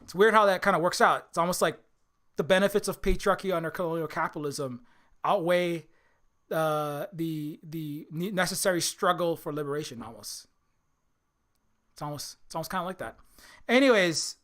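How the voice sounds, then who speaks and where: Male host from Hawaii, casual rambling commentary; high-pitched, bright tone. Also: moderate pace. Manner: rambling, many restarts and fillers. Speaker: channel host.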